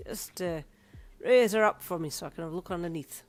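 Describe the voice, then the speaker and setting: A woman's voice: fairly low pitch, fairly quick, faint music behind, lightly acted. Woman putting on a jovial Irish piercer man. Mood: friendly. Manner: loud, jovial, folksy. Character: friendly male Irish tattoo piercer, chatty.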